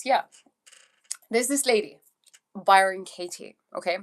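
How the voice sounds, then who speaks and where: A woman's voice: mid-range voice, measured pace. Chatty English woman livestreaming. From England. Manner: chatty, meandering, tries out French phrases. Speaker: livestream host. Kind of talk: casual livestream chat answering viewers.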